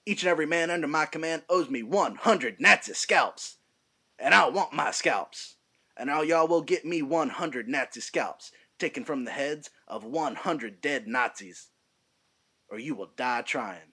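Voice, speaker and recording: A man's voice: a little high, animated, a little slow, bright, forceful tone, husky, heavily acted. A man playing a brash, ruthless army lieutenant in a put-on Southern American drawl, swaggering as he addresses recruits. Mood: menacing swagger. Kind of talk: amateur film monologue reading.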